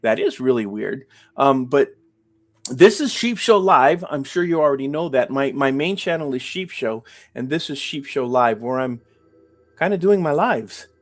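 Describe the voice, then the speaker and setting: A man's voice: mid-range voice, lively intonation, normal speed. A man hosting a live stream, ranting emphatically with repeated phrases and joking banter with chat. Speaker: livestream host. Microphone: webcam framed at the beard.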